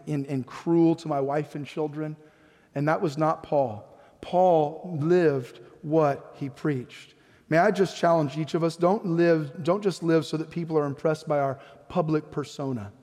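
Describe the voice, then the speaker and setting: A man's voice: on the high side, darkish tone, big-room sound. A man preaching a sermon as pastor, emphatic, often putting questions to the congregation. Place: church sanctuary.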